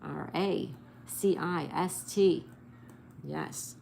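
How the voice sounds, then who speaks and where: A woman's voice: low-pitched, very slow, creaky, darkish tone, slight background noise. A woman hosting a casual livestream, chatting with viewers and spelling answers letter by letter, recorded on a phone at home. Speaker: livestream host.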